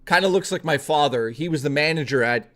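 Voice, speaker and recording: Animated, swearing man telling a story. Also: a little high, fairly quick. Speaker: streamer. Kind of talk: casual storytelling on a stream.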